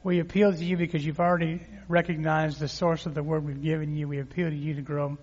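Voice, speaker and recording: A man's voice: fairly high pitch, fast. A man preaching a sermon, reading scripture and calling on the crowd to repeat words back to him. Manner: lively preaching with crowd call-and-response. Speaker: pastor. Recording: muffled hall reverb.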